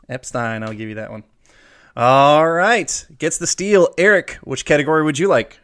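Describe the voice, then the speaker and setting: Animated man hosting a quiz. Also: a little high. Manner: lively, drawn-out emphasis on answers. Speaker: quiz host. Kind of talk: reading trivia questions.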